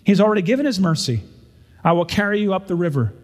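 A patient, kindly eldest brother who offers mercy, read aloud by a man in a fairly high voice, calm and pleading. Long reverb from a large hall trails each phrase. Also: fast talker. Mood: urgent. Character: gentle eldest brother sent by the father, patient and kind.

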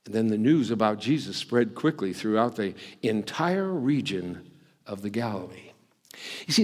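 A man's voice: on the high side, a little mellow, breathy edge. Guy preaching a sermon, chatty, says you know a lot, voice bounces all over. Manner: conversational, repeats "you know", restarts words.

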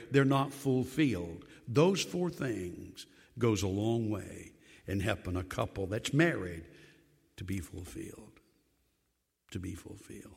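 Older man preaching, gravelly and lively. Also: big-room sound. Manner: swings from loud emphatic lines to low quiet drops, joking asides. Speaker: pastor. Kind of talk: sermon.

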